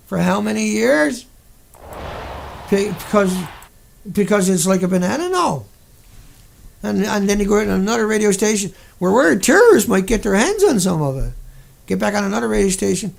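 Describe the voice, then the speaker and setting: Angry vlogger guy ranting, real gravelly voice, pretty high pitched, sarcastic and cussing. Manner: indignant, profane, sarcastic. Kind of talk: angry monologue rant.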